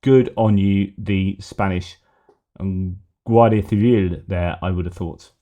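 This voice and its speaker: A man reads through the day's news and drops in his own casual comments between items. His voice sits fairly low. The tone is mellow and soft rather than sharp. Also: slow pace, muffled recording. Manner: adds casual asides between read items.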